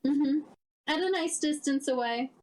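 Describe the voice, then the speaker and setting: A woman's voice: high-pitched, measured pace, poor audio. A woman playing a tabletop game, chatty and giggly. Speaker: player. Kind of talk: casual tabletop play.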